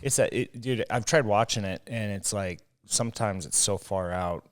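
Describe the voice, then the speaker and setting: A man's voice: lowish voice, normal speed. A young adult man co-hosting a podcast in casual, profane, rambling chat. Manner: profane, rambling, laughs often. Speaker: podcast co-host.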